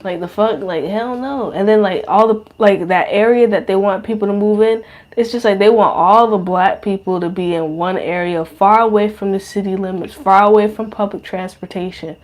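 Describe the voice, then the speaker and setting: A woman's voice: mid-range voice, fairly even intonation, moderate pace, darkish tone. A young adult woman hosting a podcast, rambling in a casual monologue, slangy and profane, full of fillers. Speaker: podcast host.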